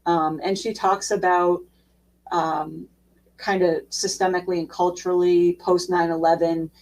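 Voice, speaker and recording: A woman social worker giving an educational talk in a relaxed, conversational way with frequent fillers. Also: lowish voice, a little slow, far from the mic, low-quality recording.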